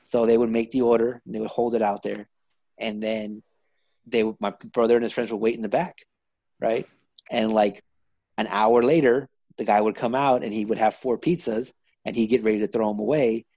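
A man hosting a casual podcast, telling animated stories and acting out the people in them. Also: fairly low pitch, moderate pace, no room sound. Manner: animated storyteller, acts out quoted voices. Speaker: podcast host. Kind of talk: casual chat.

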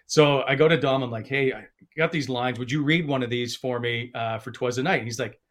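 A man's voice: mid-range voice, a little fast. A man hosting a casual sports podcast, telling stories and acting out quotes. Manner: storytelling, animated with quoted voices. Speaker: podcast host.

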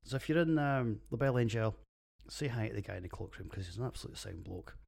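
A Scottish man with a low, gravelly voice rambles through a solo beer podcast. His talk is crude, full of swearing and jokes at his own expense, and he records from his home office. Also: expressive, fast, darkish tone. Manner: crude, sweary, self-mocking banter. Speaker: podcast host reviewing beers. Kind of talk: casual solo podcast monologue.

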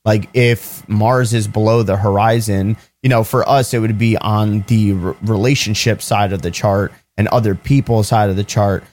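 A man's voice: on the low side, steady tone, moderate pace, hardly any pauses, a little mellow. A man co-hosting a podcast in casual chat, hesitant and full of "like" fillers. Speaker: podcast co-host.

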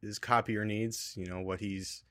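A man's voice: lowish voice, steady tone, unhurried, fairly bright tone, no echo, studio quality. A man appearing as a podcast guest, telling a story in a laid-back way with frequent fillers and "right?"s. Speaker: guest, copier salesman. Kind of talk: comedic podcast banter.

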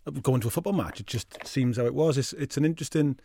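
A man's voice: medium pitch, fast, creaky, warm tone. Easygoing man co-hosting. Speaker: podcast co-host. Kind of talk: casual chat.

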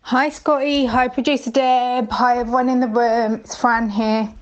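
A woman's voice: on the high side, little pitch movement, moderate pace, lo-fi sound. A woman from the UK leaving a chatty voice message for a podcast; she paces while she talks and rambles nervously, swearing now and then.

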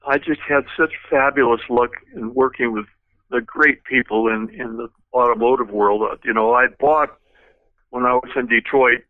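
A man's voice: medium pitch, steady tone, normal speed, dry recording, narrow, tinny audio. An older man, a guest car designer, telling long rambling anecdotes with many fillers in an interview. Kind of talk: storytelling interview.

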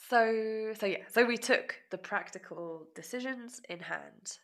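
A woman guitarist as a guest, candidly recounting a personal story, often laughing at herself and sometimes dropping to a soft murmur. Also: on the high side, a little slow, few pauses. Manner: reflective, frequent self-conscious laughs, drops to soft murmurs.

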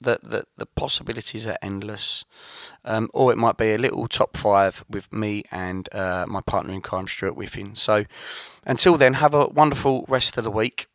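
A man's voice: on the low side, normal speed, hardly any pauses, a bit bright, no room sound. A man hosting a podcast, closing the episode in a dry, joking, offhand way. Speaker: podcast host. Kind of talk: podcast sign-off.

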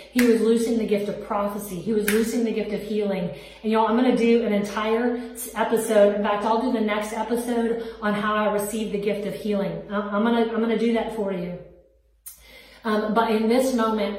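A woman's voice: medium pitch, darkish tone. Earnest woman testifying in an echoey room. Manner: earnest, heartfelt, preacherly. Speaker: podcast host. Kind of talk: personal faith testimony. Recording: very echoey room, distant mic.

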